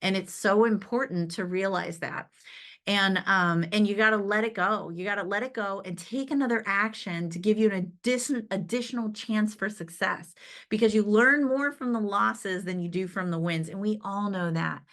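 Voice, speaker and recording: Addressing a sales team, a woman speaks at a moderate pace in a mid-range, slightly bright voice, keeping her motivational talk upbeat and conversational. Laughs and "right?" asides come often, and she plays out remembered exchanges.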